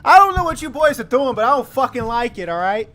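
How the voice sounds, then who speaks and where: A man voicing a cranky, foul-mouthed male imp familiar with a New York accent, loud and high. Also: big pitch swings, quick pace, full character voice. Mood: irritated. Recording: music clearly heard behind.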